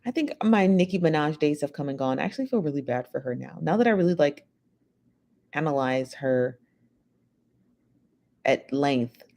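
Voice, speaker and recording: A woman's voice: low-pitched, expressive, normal speed, long pauses, dark tone. A woman hosting a live show, chatting casually and reading out viewer comments in a rambling, gossipy way, full of fillers.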